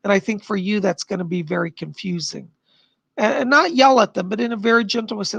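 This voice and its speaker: A man hosting a live stream of psychic readings, chatty and animated, his voice tiring. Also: high-pitched, fast talker, vocal fry, dry recording. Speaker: psychic medium host.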